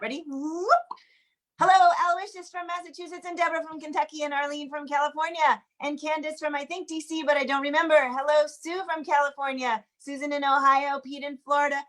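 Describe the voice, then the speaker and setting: A woman's voice: high-pitched, a bit bright. A woman hosting an online sing-along over a video call in a chatty, welcoming way, greeting each viewer by name. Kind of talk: casual welcoming chat. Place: home, in Washington DC.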